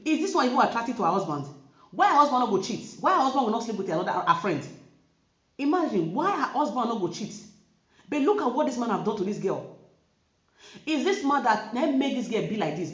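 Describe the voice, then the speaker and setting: A woman with a Nigerian Pidgin-inflected English accent, talking to camera as a vlogger in an emphatic, preachy way and repeating her points. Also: medium pitch. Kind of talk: casual commentary to camera. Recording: roomy, dull lo-fi sound.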